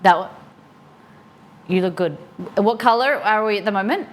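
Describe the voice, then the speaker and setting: A woman's voice: medium pitch, normal speed. A woman hosting a live cooking stream, chatting casually with her viewers as she reads out a recipe and works in the kitchen. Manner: chatty, answers chat while cooking and reading a recipe aloud. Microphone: streaming mic.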